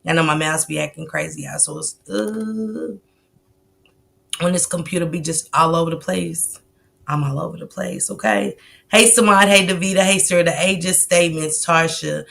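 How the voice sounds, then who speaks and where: A woman's voice: fairly low pitch, normal speed, vocal fry, a bit bright. A woman hosting a casual livestream, talking loosely at her computer mic and greeting chat viewers by name between sentences. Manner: loose and conversational, with fillers and asides. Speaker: livestream host.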